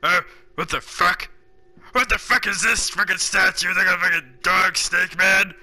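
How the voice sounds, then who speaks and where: Excitable high-voiced gamer guy, sore throat. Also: moderate pace. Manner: excitable, swears a lot, narrates his own moves. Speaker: gaming commentator. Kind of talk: let's play commentary. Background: game music.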